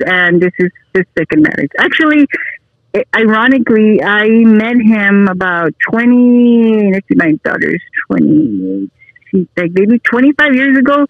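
A woman's voice: medium pitch, vocal fry, dry recording, narrow, tinny audio. A woman in her forties, a guest telling stories in a casual chat and laughing easily. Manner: chatty storyteller, laughs easily.

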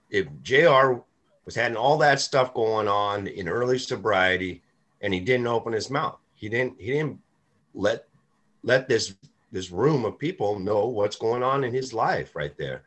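A man's voice: medium pitch, animated, measured pace, fairly bright tone. A man co-hosting a podcast, affirming and encouraging in casual chat. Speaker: podcast co-host.

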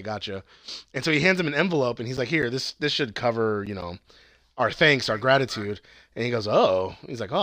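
Casual podcast co-host, man with a tense bright voice, excited rambling plot recap full of profanity. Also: medium pitch, no room sound. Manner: excited, rambling, swears a lot, laughs at bits. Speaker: podcast co-host reviewing movies.

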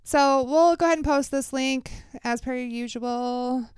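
A woman's voice: sits high, measured pace, a little mellow, clean tone, no room sound, clean studio sound. A woman co-hosting a casual podcast, reading news articles aloud between fillers and chat. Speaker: podcast co-host.

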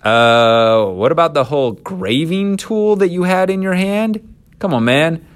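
A man voicing a defensive ancient male priest who talks himself out of blame in a high, fast, pleading voice with casual slang. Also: big pitch swings. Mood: whiny.

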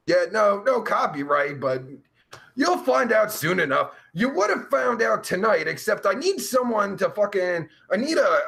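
A man's voice: sits high, creaky, sharp tone. A man hosting his live show alone at home, reading the chat and ranting in a profane, rambling, laughing way. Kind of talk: casual live-stream chat.

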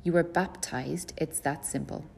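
A woman reading aloud puts on an elderly grandmother, proper and devout, who states her views as settled fact. The voice rides a bit higher than the reader's own low, gravelly tone, with creak still under it. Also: fairly even intonation, measured pace, exaggerated voice. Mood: insistent. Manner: firm, matter-of-fact. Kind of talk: audiobook character voice.

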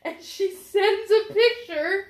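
A woman's voice: extremely high pitch, slow pace, reverberant. A woman in her twenties telling a funny story in casual chat, swearing often and laughing as she goes. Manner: profane, animated, laughing storyteller.

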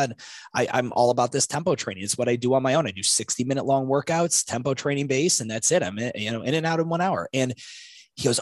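A man hosting a relaxed conversation, spinning anecdotes and acting out both sides of the dialogue with colorful sayings. His voice sits at an ordinary middle pitch. The sound is dry and close to the mic. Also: fast talker, no room sound. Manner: storytelling, acts out dialogue, folksy sayings. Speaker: podcast host, former gym owner. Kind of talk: casual conversational interview.

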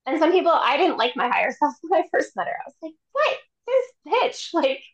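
A woman's voice: sits high, sing-song, quick pace, muffled recording. A woman guest on a podcast, chatting casually and animatedly about chakras, acting out voices and laughing often. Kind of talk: casual chat.

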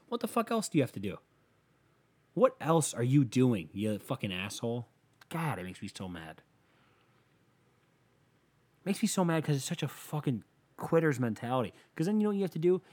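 Man, casual comedic rant, profane, exasperated, mid-pitched voice, loud bursts of emphasis. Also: breathy edge.

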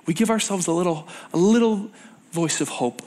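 A young man delivers a sermon to a young adult group. His voice sits slightly high, and he acts out the lines he quotes as he tells his stories. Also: moderate pace, mellow.

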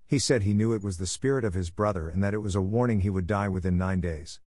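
A man's voice: low-pitched, fast talker, warm tone, dry recording, studio quality, close to an everyday voice. A man voicing an imaginative, eager orphan girl of about eleven, talking in a breathless, dramatic rush.

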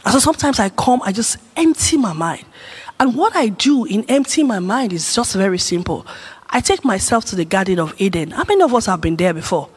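A woman's voice: medium pitch, animated, fairly quick, husky. A woman giving a conversational teaching talk at a church gathering, putting questions to her audience. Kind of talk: teaching talk on emotional wellness. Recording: long reverb of a hall.

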